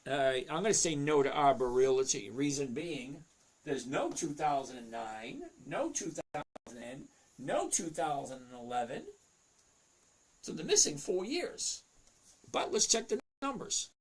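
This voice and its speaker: Reading viewers' names and questions aloud, this chatty livestream host mutters to himself while checking charts. His voice sits a little high and is very animated, though he keeps a measured pace.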